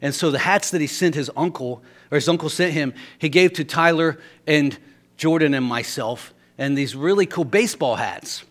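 A man's voice: on the high side, normal speed, a bit bright. A man preaching a sermon as a storyteller, often repeating words as he restarts a thought.

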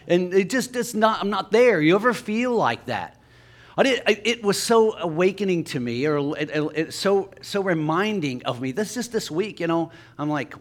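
A man with a Southern Ohio accent, his voice sitting a little higher than most men's, preaching from the pulpit of a church. He tells a personal story in a conversational way, dropping to quiet asides and then rising to loud, emphatic lines. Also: animated, moderate pace. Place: church sanctuary.

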